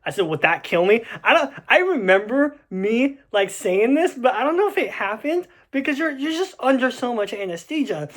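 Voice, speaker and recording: A man's voice: extremely high pitch, big pitch swings, normal speed, hardly any pauses, a bit bright. A young adult man casually telling a personal story to camera, rambling with many restarts and fillers.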